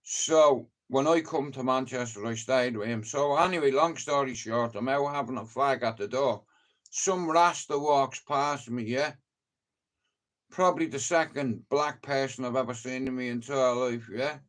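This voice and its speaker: A man's voice: mid-range voice, normal speed, fairly bright tone. A middle-aged man from Ireland with a Dublin accent, telling rambling, profane stories to a live stream audience, full of "you know". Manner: rambling, profane, lots of 'you know'. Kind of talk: casual anecdotal storytelling.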